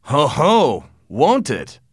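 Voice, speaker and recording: A man voicing a blunt, wealthy old father who lectures his son forcefully, in a lively but dry-sounding reading. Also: mid-range voice, a little slow, dry recording.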